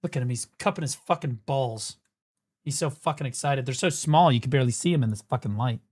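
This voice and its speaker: A man commentating a game on a livestream in a loose, casual way. He swears freely and mocks another player, breaking into laughter and shouts as the moment unfolds. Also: medium pitch, fairly quick, breathy edge. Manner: profane, mocking, laughing. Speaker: streamer.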